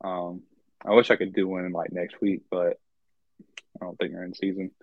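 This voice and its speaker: A low-voiced man from North Carolina guests on a casual podcast interview. He talks in an easygoing, hesitant way with many fillers. His audio sounds dull and lo-fi in a dry, dead space. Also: flat delivery, normal speed, no echo.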